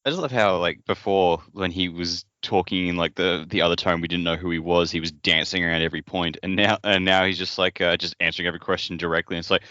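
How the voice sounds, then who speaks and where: A man's voice: deep voice, steady tone, quick pace, few pauses, bright, forceful tone, no echo. A man discussing a fantasy book in casual podcast chat, wry and swearing freely. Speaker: podcast co-host. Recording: dull dry podcast audio.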